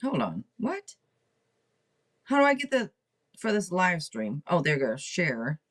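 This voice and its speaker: A woman's voice: on the low side, wildly swooping pitch, takes it slowly. A woman hosting a casual livestream tarot reading, talking to viewers in a direct, playful, teasing way. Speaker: tarot reader and livestream host.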